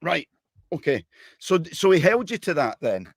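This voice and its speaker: A man's voice: on the high side, sing-song, normal speed. Man asking short casual questions. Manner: brief encouraging interjections. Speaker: podcast host. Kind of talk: casual interview chat.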